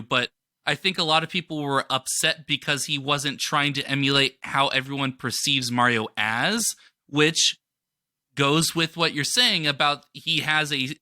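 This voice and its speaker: A man's voice: a little high, sharp tone, dry recording, clean studio sound. A man chatting casually as a podcast cohost, enthusiastic and rambling with lots of fillers. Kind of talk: casual pop-culture chat.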